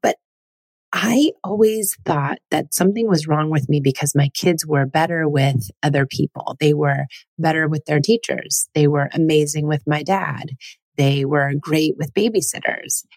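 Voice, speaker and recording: A middle-aged woman hosts her podcast in a casual, earnest tone, sharing personal stories. Her voice sits low. The recording is dry and close, with no room sound. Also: measured pace, darkish tone, husky, dry recording. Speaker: podcast host. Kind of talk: casual solo podcast talk.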